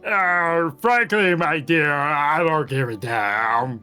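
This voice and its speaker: A man putting on the voice of a dim-witted male henchman, talking in a slow, dopey drawl. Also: on the high side, sharp tone, clean tone, soft background music.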